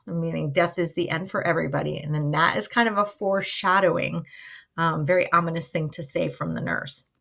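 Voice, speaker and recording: Woman teacher, kinda low voice, chatty explaining a play to her students. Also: steady tone, a little fast, vocal fry, fairly bright tone. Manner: casual, conversational, uses "like".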